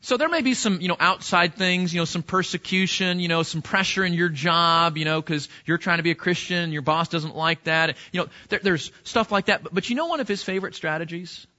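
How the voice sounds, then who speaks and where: Bright-voiced preacher asking questions. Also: male voice, high-pitched, brisk, hardly any pauses, highs cut off. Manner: conversational preaching with rhetorical questions. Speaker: pastor. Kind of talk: sermon.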